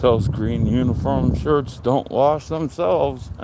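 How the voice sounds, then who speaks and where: Gravelly, slow-talking middle-aged man on a walk. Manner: relaxed and chatty, jumps to a high sing-song voice when talking to his dog. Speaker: livestream host. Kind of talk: casual live-stream chat while walking. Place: outdoors at his home and backyard. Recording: faint outdoor noise on a phone stream.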